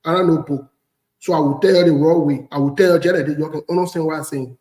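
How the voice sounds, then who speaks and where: A Liberian man hosts a casual talk show in a bold, blunt manner. His voice sits high for a man, and he drives each point home by repeating it. The recording sounds roomy, with a clear echo. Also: fairly even intonation, quick pace, darkish tone. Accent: Liberian English. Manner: blunt, preachy, repeats phrases for emphasis. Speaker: host.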